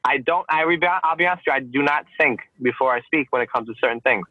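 A man's voice: medium pitch, fast talker, husky, no echo. Rambling man on a tinny phone-like line. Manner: rambling, repeats himself, blunt. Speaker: podcast co-host. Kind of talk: casual banter.

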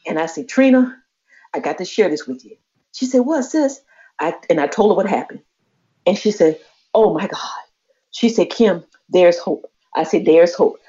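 A woman's voice: on the low side, normal speed. A woman, casually telling a personal story on a podcast and acting out the voices of the people in it. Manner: animated, acts out quoted voices. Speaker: podcast co-host. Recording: slightly muffled lo-fi audio.

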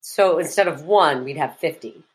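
A woman from Boston co-hosting a podcast in casual chat, wry and quick to laugh. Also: low-pitched, slightly rough, poor audio. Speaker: podcast co-host.

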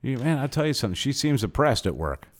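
A man's voice: mid-range voice, big pitch swings, fast. Playful, teasing male podcast host. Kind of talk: joking casual chat.

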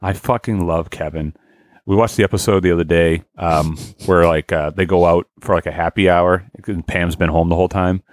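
A young man in casual podcast chat, telling stories in an animated, excitable way. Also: normal speed, no room sound, clean studio sound. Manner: animated storyteller, jumps in pitch.

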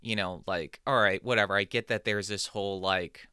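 A man's voice: lowish voice, steady tone, normal speed, sharp tone, clear, resonant tone, no echo, clean studio sound. A man hosting a podcast, telling a casual comedic monologue in a rambling, digressive, self-deprecating way. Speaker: podcast host.

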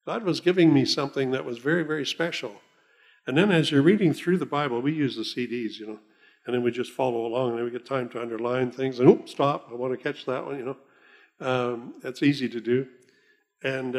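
A man giving an informal Bible talk in a folksy, chuckling way, slowing down when he reads scripture aloud. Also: medium pitch. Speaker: lay preacher.

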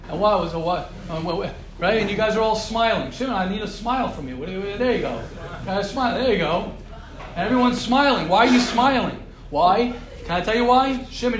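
A man's voice: high-pitched, roomy sound, noisy background. A man giving an informal morning sermon to a small group of young men, repeating his points and asking them questions. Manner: repetitive, emphatic, coaxing questions to listeners. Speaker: rabbi giving a morning class. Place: room with a small live group.

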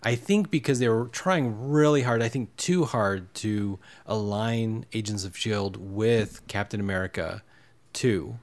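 A man's voice: on the low side, unhurried. A man in a casual chat giving enthusiastic, opinionated takes. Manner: opinionated, enthusiastic fan talk.

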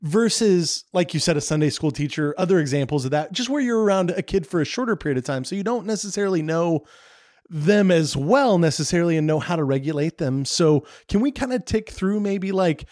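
A man's voice: fairly high pitch, expressive, a little fast, a little mellow, dry recording, clean studio sound. A man hosting a podcast, casually summing up points and asking questions. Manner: casual, lots of fillers, summarizing and asking questions. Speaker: podcast host. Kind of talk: conversational podcast interview.

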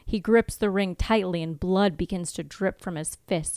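Woman with a smooth, dry voice. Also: medium pitch, moderate pace, few pauses, no room sound. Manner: reads scene summaries aloud, animated asides. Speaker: podcast co-host. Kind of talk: casual chat recapping TV episodes.

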